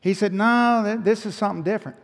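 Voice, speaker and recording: Pastor, middle-aged, gravelly, slightly high voice, preaching in a reverberant sanctuary. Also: male voice, fast. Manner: animated storyteller, voicing the people in his story. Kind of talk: sermon storytelling. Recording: long hall reverb.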